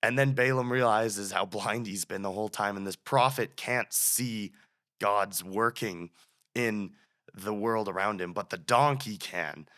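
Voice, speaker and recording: A young man in his twenties speaks as a podcast guest, with a somewhat low voice. He tells stories animatedly and often restarts his phrases. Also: a little slow, a bit bright. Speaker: student guest. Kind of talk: casual podcast interview.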